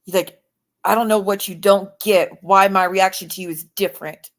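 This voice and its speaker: A woman's voice: mid-range voice, steady tone, moderate pace. A woman hosting a livestream, arguing defensively and swearing as her anger rises. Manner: defensive, swearing, rising to angry outbursts. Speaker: livestream host. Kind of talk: heated livestream argument.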